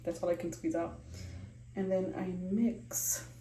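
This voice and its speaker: A woman's voice: lowish voice, fairly even intonation, measured pace, noisy background. Rambling young woman in echoey bathroom. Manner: rambling, many ums and likes. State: out of breath. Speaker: beauty vlogger. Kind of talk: casual skincare vlog. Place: small bathroom.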